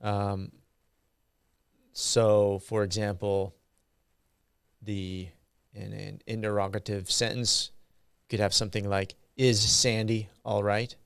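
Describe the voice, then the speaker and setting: A man giving a university grammar lecture, slow and halting with frequent ums and uhs. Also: fairly low pitch, little pitch movement, creaky, fairly bright tone, smooth, no room sound, clean studio sound.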